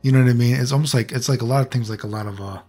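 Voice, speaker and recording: A man with a husky, slightly breathy voice rants bluntly and profanely to his viewers. His delivery is casual and loose, full of restarts. Soft music plays faintly underneath. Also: mid-range voice, rapid-fire. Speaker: channel host. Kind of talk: casual video rant.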